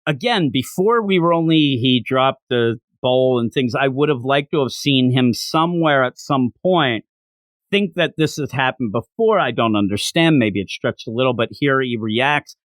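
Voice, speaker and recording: A man's voice: medium pitch, expressive, moderate pace, no room sound. A man co-hosting a podcast, chatting casually and critically about a manga chapter, rambling and acting out lines as he goes. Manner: rambling, critical, acts out quotes. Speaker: podcast co-host. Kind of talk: casual chat reviewing manga.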